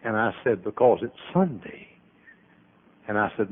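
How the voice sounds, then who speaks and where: An older man preaching a sermon as pastor, emphatic, with sudden loud rises and trailing, dropped endings. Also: fairly low pitch, normal speed, long pauses, breathy edge. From American. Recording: tinny phone-like archival audio.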